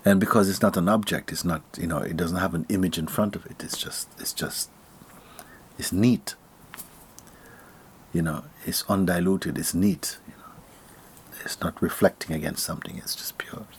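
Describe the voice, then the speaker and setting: A man from Jamaica giving a casual spiritual talk, animated and often laughing, sometimes sinking to a near whisper. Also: sits low, a little fast, slightly rough.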